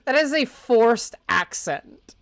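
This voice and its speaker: A woman commenting casually while playing a game on a live stream, chatty and quick to giggle. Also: a little high, no echo. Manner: chatty, giggly, animated reactions.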